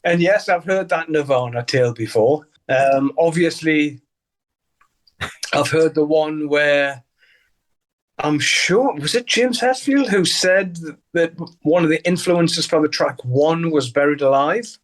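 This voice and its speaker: A man's voice: fairly high pitch, a little slow. An older man from Newcastle with a Geordie accent, a guest musician telling stories in a casual interview. He swears freely, laughs often and acts out the voices of people in his stories. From Newcastle, England.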